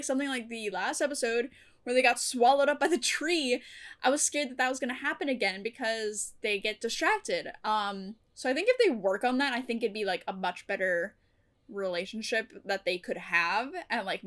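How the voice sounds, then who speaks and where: A young adult woman recapping and reviewing a TV episode in casual chat, talking in an animated way, swearing often and breaking into laughter. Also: on the high side. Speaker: TV reaction YouTuber.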